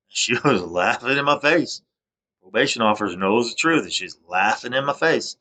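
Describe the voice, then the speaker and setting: A man's voice: mid-range voice, animated, moderate pace, sharp tone. A man in a rambling, self-recorded monologue, stammering and restarting as he airs grievances. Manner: aggrieved, accusatory. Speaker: vlogger.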